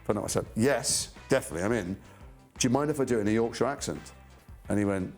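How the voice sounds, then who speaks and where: A man's voice: lowish voice, quick pace, darkish tone, soft background music. A middle-aged man, an actor recounting anecdotes from his career in a thoughtful interview, often trailing off and restarting.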